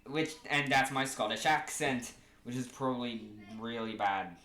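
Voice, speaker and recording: A man from Oceania rambles to his camera at home with a bright, forceful edge to his voice, cracking jokes and restarting sentences as he goes. His voice bounces around a roomy space over a faint hiss. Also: mid-range voice, measured pace. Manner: rambling, jokey, self-correcting. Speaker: vlogger pitching a fan creature idea. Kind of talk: casual rambling chat to camera. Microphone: camera mic. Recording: echoey room with faint hiss.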